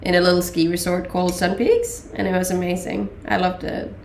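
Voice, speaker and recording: Reading her live chat, a woman in her late twenties from Denmark chats loosely with plenty of ums and small laughs, her English a blend of Danish and mixed English accents. Her fairly low voice has some fry and a gravelly edge, delivered flat and brisk in an echoey room with a little hiss or hum.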